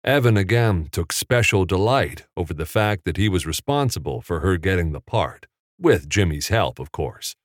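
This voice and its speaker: Low-voiced male audiobook narrator. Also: animated, moderate pace, no room sound. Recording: dry, close.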